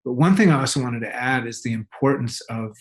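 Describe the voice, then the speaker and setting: A man with a mid-range voice who explains slowly and deliberately. He pauses often and picks his words with care. He speaks as a psychologist guest. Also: medium pitch. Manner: deliberate, hesitant phrasing. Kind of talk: measured explanation.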